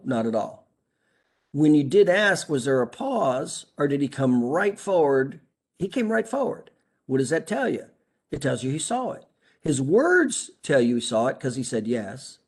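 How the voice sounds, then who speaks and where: A man's voice: medium pitch, a little mellow, breathy edge. A man coaching chiropractors, critiquing a recorded session in an emphatic way and asking rhetorical questions.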